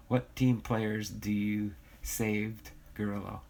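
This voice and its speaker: Gravelly American man hosting a stream. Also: on the low side, a little mellow. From United States. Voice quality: slightly nasal. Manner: reads viewer comments aloud and banters. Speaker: livestream host. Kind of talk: casual livestream chat.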